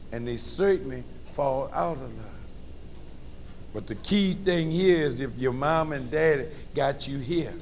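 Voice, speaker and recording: A man with a New Orleans accent giving a lively motivational talk to high school students, with call-and-response and humor. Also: slight background noise. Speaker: motivational speaker.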